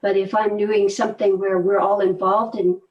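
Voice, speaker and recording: An older woman telling stories in a relaxed conversation, animated and laughing often, often trailing off mid-sentence. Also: medium pitch, normal speed, recorded from a distance, highs cut off. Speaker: guest, movement teacher. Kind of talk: conversational storytelling.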